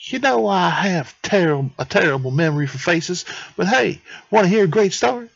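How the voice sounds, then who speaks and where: A man's voice: mid-range voice, animated, brisk, pushed and bright. A man voicing a boisterous, rambling male character who won't stop telling stories. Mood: boastful. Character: chatty male mountain-town friend, pushy storyteller. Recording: dull dry lo-fi mic.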